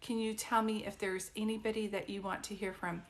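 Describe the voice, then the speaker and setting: A woman's voice: mid-range voice, little pitch movement, brisk. A woman doing a psychic reading on a live stream, chatty and reassuring, with many fillers and restarts. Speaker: psychic medium.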